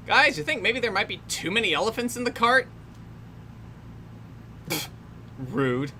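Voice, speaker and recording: A woman's voice: mid-range voice, very animated, a little slow, bright, forceful tone. A young woman giving casual, wry commentary over a film, laughing often and trailing off mid-sentence. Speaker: commentary host. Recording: faint background noise.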